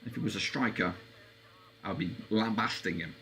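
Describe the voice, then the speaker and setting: A man hosting a live football watchalong stream, chatting casually and getting excitable, his voice leaping up whenever a chance comes. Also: normal speed, a little hiss or hum. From England. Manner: excitable, voice leaps up high on chances.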